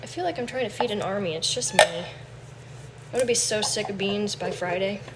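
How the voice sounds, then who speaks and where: A woman's voice: mid-range voice, moderate pace, heavy background noise. A woman chatting casually on a livestream from her home kitchen, talking to viewers. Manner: chatty, coos baby talk to her cat. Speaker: livestream host.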